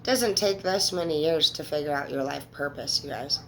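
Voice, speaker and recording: Low raspy-ish woman in her 30s, blunt and emotional, cussing a lot while reading cards. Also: moderate pace, a little hiss or hum, rough recording. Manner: candid, emotional, swears freely. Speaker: tarot reader. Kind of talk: casual monologue to viewers.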